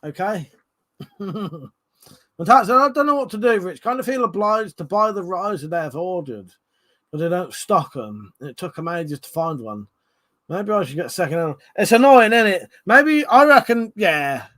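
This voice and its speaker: A man hosts a late-night live stream, a little tipsy and chatting freely with his viewers. He laughs easily and swears casually, and his voice sits slightly high for a man. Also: lively intonation, unhurried, fairly bright tone. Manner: loose, laughing, swears freely, reads chat aloud.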